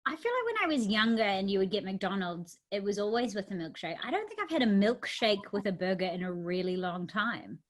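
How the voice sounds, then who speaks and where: A woman hosting a casual chat, chatty and playful as she asks quick-fire questions. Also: medium pitch, very animated. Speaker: host.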